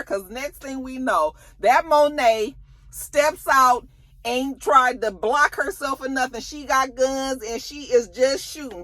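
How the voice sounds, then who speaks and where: Female vlogger, slangy and dramatic, a touch high-pitched. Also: unhurried, no echo. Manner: animated, dramatic, slangy storytelling. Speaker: TV recap vlogger. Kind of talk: casual recap chat.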